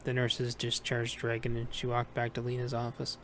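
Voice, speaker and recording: Flat-voiced man reading an audiobook. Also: medium pitch, moderate pace, slight background noise. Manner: steady, plain reading with small self-corrections. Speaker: audiobook reader. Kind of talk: audiobook narration.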